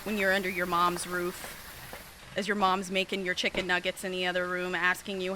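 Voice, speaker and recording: A woman streaming a horror game, chatting casually with viewers, sassy and swearing freely, with sudden excited yelps. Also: fairly low pitch, normal speed, slight background noise, rough recording. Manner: bursts into excited yelps during scares. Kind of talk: casual live-stream chat over gameplay.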